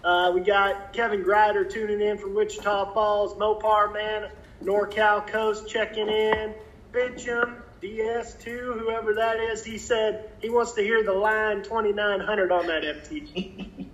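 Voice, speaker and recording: A man's voice: high-pitched, level tone, measured pace, a bit bright, lo-fi sound, slight background noise. A man co-hosting a live drag racing stream, reading viewer comments in a loose, chatty way. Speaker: livestream co-host. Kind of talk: casual live show chat.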